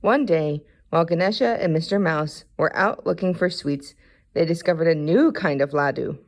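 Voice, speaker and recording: A woman reading a children's storybook aloud, expressive in manner. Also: sits low, normal speed.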